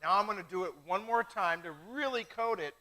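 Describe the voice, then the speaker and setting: A middle-aged man hosting a live wine tasting, chatty and self-mocking, telling animated stories. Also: high voice, brisk, rough recording. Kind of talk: casual live-stream chat.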